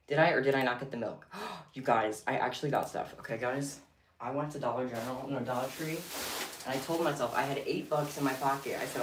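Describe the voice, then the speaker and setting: Brisk and mid-range, the host rambles through casual stream chat in a breathless, giggly, all-over-the-place way. The sound is echoey and distant, with a little background noise.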